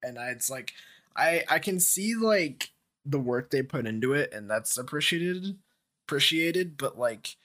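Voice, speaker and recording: A young man co-hosting a podcast, talking in a relaxed, laid-back way with casual swearing. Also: a little high, unhurried. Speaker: podcast co-host. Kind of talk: casual chat.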